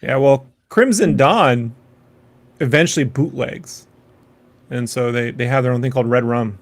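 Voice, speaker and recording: A man's voice: mid-range voice, measured pace. A man in a casual podcast chat, riffing jokey tangents.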